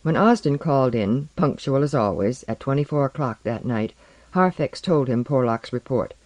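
A man narrating a story in a measured, expressive scripted reading. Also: medium pitch, no room sound. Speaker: audiobook narrator.

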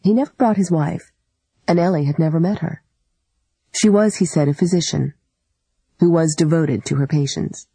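Audiobook narrator: warm, slightly husky, dry close sound, deliberate literary reading. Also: mid-range voice, no echo, poor audio.

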